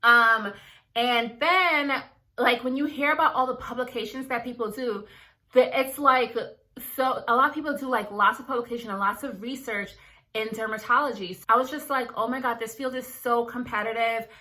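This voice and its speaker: A young woman, a dermatology resident, chatting casually to her viewers in an animated storytelling vlog. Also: a little high, moderate pace. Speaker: dermatology resident, video creator.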